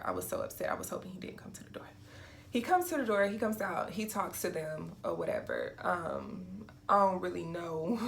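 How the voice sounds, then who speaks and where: A woman's voice: lowish voice, gravelly, bright, forceful tone, a little hiss or hum. A young woman vlogger telling a casual storytime, acting out quotes and laughing often.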